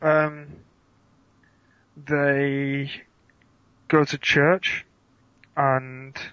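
A man guests on a casual podcast and answers quick-fire questions with dry, deadpan jokes. His voice is mid-pitched and sounds close and dry. The audio is dull and lo-fi. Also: no room sound. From England.

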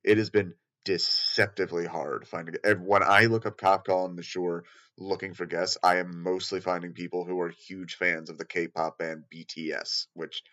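Give me a man with a very deep, bright-edged voice doing joking promos. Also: flat delivery, moderate pace, muffled recording. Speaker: podcast host. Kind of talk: outro promo.

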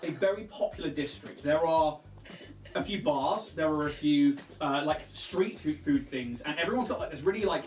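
A man's voice: fairly high pitch, moderate pace, echoey room, recorded from a distance, soft background music. A man narrating a tabletop game as game master, chatty and casual with many fillers.

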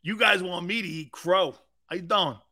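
Brash, high-voiced male sports talk host. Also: moderate pace, bright, forceful tone. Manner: brash, boisterous, laughs often.

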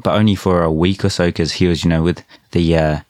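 A man hosts a podcast in an easygoing, slightly hesitant way, scattering "um" and "uh" through his questions. His voice is very deep, and the recording is dry and close with little room sound. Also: fairly even intonation, a little fast, a little mellow, no echo. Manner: easygoing, hesitant with many "um" and "uh" fillers. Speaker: podcast host and translator. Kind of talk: casual chat.

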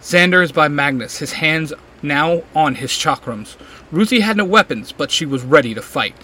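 A man's voice: fairly high pitch, lively intonation, moderate pace, pushed and bright, poor audio. A man narrating a fan fiction story aloud, reading steadily and acting out the dialogue. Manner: reads steadily, acts out the dialogue.

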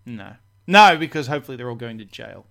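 A man's voice: medium pitch, lively intonation, fast, a bit bright. A man hosting a casual podcast chat who laughs often and keeps restarting his sentences. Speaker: podcast host.

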